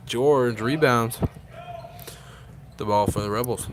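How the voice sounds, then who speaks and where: A young man calls a basketball game at a slow, drawn-out pace. His voice sits at an ordinary pitch. Heavy gym noise sits behind him. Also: fairly even intonation. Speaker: co-commentator. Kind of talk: amateur basketball commentary. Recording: noisy gym ambience behind.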